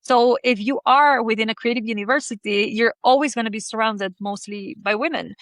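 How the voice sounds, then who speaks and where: A woman's voice: a little high, fairly quick, fairly bright tone, no echo. Argentine-accented woman, chatty storyteller. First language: Spanish. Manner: chatty, lots of "like" and "you know" fillers. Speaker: guest, fashion designer. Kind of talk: conversational podcast storytelling.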